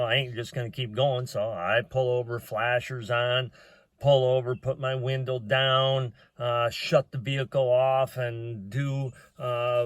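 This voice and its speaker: A man's voice: mid-range voice, dry recording. A middle-aged man telling a personal story in a rambling, folksy way, with plain talk and lots of "uh" fillers.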